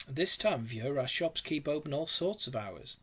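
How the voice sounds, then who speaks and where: A man's voice: a little high, lively intonation, moderate pace, fairly bright tone, slight background noise. A man reading aloud, voicing a small, respectful field mouse in a storybook.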